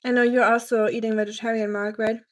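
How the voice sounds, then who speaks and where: A woman from Germany hosts a cooking live stream and speaks English with a German accent. She chats loosely and answers viewer comments one after another. Her voice sits a little on the high side. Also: little pitch movement, fast. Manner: chatty, reads viewer comments aloud and answers them. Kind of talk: casual live-stream chat while cooking.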